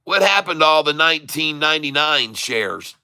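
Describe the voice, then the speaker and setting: A man streaming his live day-trading, excitable, calling out prices over and over and taunting short sellers. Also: a little high, moderate pace, gravelly, clean tone. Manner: addresses viewers as folks, taunts short sellers.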